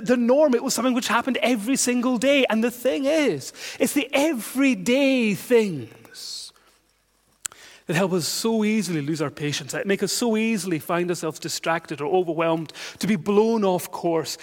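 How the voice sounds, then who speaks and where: A Scottish man preaching a sermon, telling a funny story with self-mocking humour and lively exasperation. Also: sits high.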